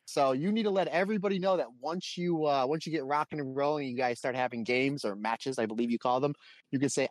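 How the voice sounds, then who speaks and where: A man's voice: medium pitch, fast talker, dry recording. A man co-hosting a casual podcast, bantering in a jokey, friendly way. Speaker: podcast co-host.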